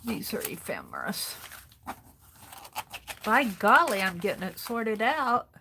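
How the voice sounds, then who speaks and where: Woman host, unhurried and chatty, talking to herself and viewers at her craft desk; faint background noise. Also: mid-range voice, big pitch swings, sharp tone. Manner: chatty, thinks aloud, greets viewers. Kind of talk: casual chat while sorting craft supplies.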